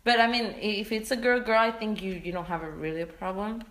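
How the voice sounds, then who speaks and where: A woman's voice: mid-range voice, fairly even intonation, fairly bright tone. A young woman co-hosting a podcast, chatting casually and laughing often. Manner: laughs often, quick banter. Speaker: podcast co-host. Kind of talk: casual chat.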